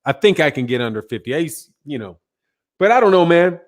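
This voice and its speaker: A middle-aged man talks loosely in a fairly high voice, tired and yawning. His boxing chat rambles along, full of slang, restarts and self-corrections. He answers viewer comments in a casual livestream manner. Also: big pitch swings, fairly quick. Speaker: boxing channel host.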